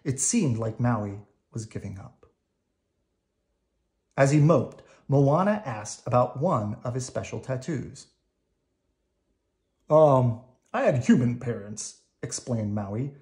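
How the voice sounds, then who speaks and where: Male storybook reader, slow and calm, mid-pitched, for bedtime read-alouds. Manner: calm, measured reading.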